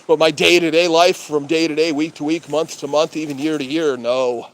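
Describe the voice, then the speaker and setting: A man's voice: a little high, fairly even intonation, moderate pace. A man vlogging in a casual rant, crude and full of swearing, with laughs between remarks. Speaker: street vlogger.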